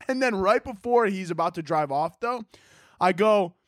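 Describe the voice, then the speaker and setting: Young guy from chicago ranting on his podcast, high voice that jumps all over, lots of swearing. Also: unhurried, no room sound, clean studio sound. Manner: animated, profane, acts out the people in his stories. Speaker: podcast host. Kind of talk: solo podcast storytelling.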